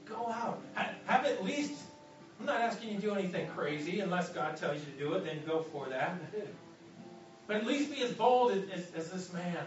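Male pastor, slightly high voice, halting storyteller, miked from a distance in a very echoey sanctuary, dull sound, soft music under. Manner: halting with many restarts, rising to urgent exhortation. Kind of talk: sermon with story and closing prayer. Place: church sanctuary. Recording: roomy distant church PA recording, dull.

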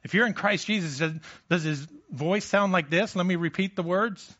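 Man preaching conversationally, slightly high voice. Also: normal speed, fairly bright tone, dull audio. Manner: conversational preaching, questions to the congregation. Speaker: pastor. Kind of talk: sermon.

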